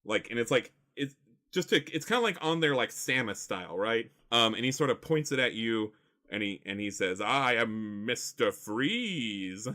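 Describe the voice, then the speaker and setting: A man's voice: mid-range voice, lively intonation, brisk, sharp tone. A man narrating as game master in a rambling, hesitant way with many fillers.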